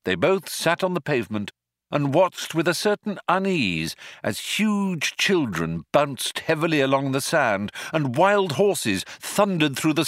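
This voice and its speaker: A man narrating a story in a measured, wry storytelling manner. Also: fairly high pitch, a bit bright, no room sound, clean studio sound. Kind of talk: audiobook narration.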